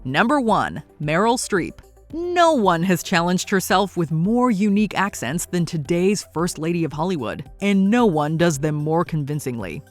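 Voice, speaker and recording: A woman's voice: lowish voice, normal speed, faint music behind. A woman reading a scripted countdown narration in an upbeat manner. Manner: upbeat, lively delivery.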